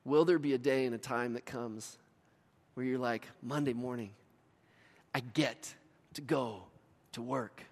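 Pastor preaching in a reverberant hall. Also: male voice, mid-range voice, unhurried, gravelly, pauses often, darkish tone. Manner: storytelling with voiced asides and laughs. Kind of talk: sermon. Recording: long reverb of a large hall.

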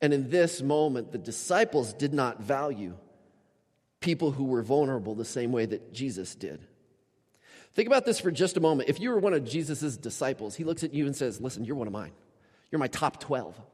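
A man preaching a sermon as a pastor, storytelling with animated shifts and acting out the people he quotes. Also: mid-range voice, fairly quick, slightly rough. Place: church. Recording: church hall with long reverb.

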